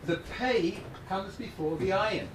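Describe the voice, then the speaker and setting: A man making halting, polite remarks to a synagogue gathering, stumbling and restarting as he adds points. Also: high-pitched. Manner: hesitant, many fillers and restarts, polite. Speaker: synagogue member and Torah scribe. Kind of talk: casual remarks to a congregation. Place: synagogue hall. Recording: echoey hall from far off with noise.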